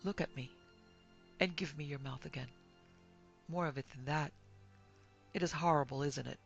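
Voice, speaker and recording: A woman voicing a bitter disfigured blind man bent on revenge, speaking in a quiet, coaxing, menacing way in a horror audiobook. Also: sits low, normal speed, vocal fry, lo-fi sound, faint music behind.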